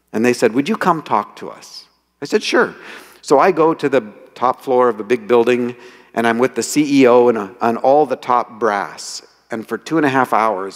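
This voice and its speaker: A man telling lively anecdotes as the author speaking to an audience, quoting people as he goes. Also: medium pitch. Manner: animated storyteller, quotes people in voices. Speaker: author giving a talk. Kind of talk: storytelling talk. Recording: reverberant hall.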